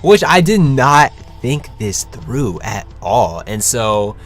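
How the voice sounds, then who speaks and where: A young male vlogger tells his viewers a story in a slow but lively, casual way, his pitch staying in the middle of the male range. He swears freely and animatedly acts out other people's voices as he goes, with faint music playing behind him.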